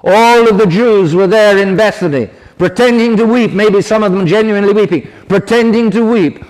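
A male priest with a notably high voice delivers a sermon in an earnest, emphatic way. He stumbles and restarts phrases as he goes, and his words ring out with a long reverb, as in a large church. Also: normal speed, few pauses, darkish tone. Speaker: priest preaching to seminarians.

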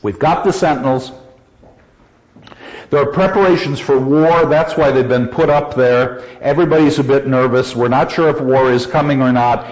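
A literature teacher lectures his class on a play in an animated manner, laughing readily and sometimes raising his voice to act out quoted lines. His pitch is medium, and the classroom recording sounds dull and lo-fi.

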